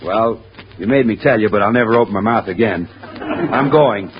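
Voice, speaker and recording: A man's voice: on the low side, brisk, breathy edge. A man who is a 1940s radio announcer, bantering with hammy, mock-sulking lines. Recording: dull old radio broadcast with faint hiss.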